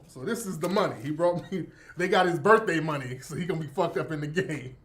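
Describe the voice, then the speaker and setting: A middle-aged man hosting his own radio show, telling a profane, animated story in a casual monologue and breaking into laughter. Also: a little high, a little fast, a little hiss or hum.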